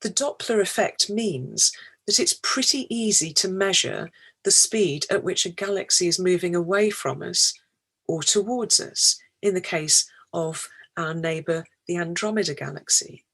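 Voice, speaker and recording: Lady lecturing on science, slow careful explaining, kinda breathy voice. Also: fairly low pitch, a bit bright. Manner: measured, deliberate explanatory delivery.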